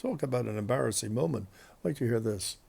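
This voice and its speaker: Gravelly, chatty male radio host. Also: mid-range voice, lively intonation, fast talker, dark tone. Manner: chatty, self-deprecating, rambling with restarts. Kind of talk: anecdotal storytelling.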